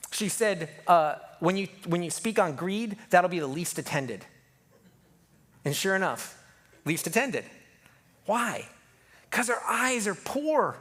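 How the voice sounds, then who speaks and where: A man delivers a sermon in a loose, conversational way. His voice sits notably high for a man. He jokes with the room and slips into quick voices when he quotes people. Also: fairly bright tone. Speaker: pastor.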